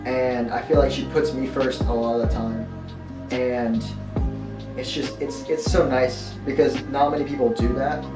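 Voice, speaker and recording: A young man speaks earnestly and thoughtfully about his girlfriend, in a mid-range voice. He sounds set back from the mic in an echoey room, with music clearly under him. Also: medium pitch, level tone, unhurried. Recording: roomy, distant, music behind.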